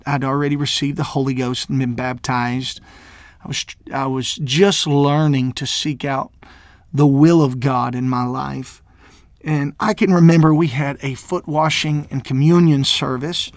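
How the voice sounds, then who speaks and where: Halting, emotional man from Mississippi. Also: mid-range voice, no echo. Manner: halting, many fillers and restarts; emotional, tearful at times. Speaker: minister. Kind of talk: personal testimony.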